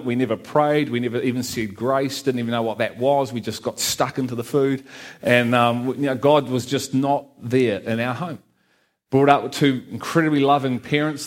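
Earnest Scouse-accented man giving testimony. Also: medium pitch. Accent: Liverpool (Scouse), softened by New Zealand. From Liverpool, England. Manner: conversational and earnest, many "you know" and "um" fillers, light humour. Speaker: guest speaker giving testimony. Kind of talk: personal testimony to a church congregation. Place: church hall with a live congregation.

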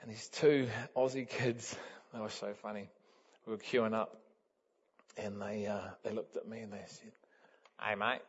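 A man preaching a sermon, telling a story with lively energy and laughter, building up to loud exclamations. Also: on the low side, normal speed, breathy edge. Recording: dull lo-fi sound.

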